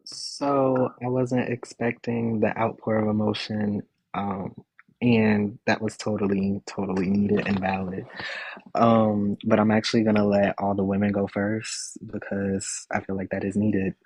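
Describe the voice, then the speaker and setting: A man on a live panel, measured and deferential. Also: fairly low pitch, flat delivery, a little mellow, breathy edge, dry recording, poor audio.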